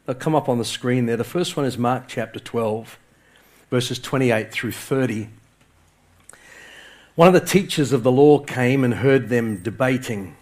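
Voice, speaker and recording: A man's voice: mid-range voice, measured pace, a little mellow. A male pastor preaching a sermon to a congregation, with impassioned emphasis that rises and falls. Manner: impassioned, rising and falling emphasis. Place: church sanctuary with congregation.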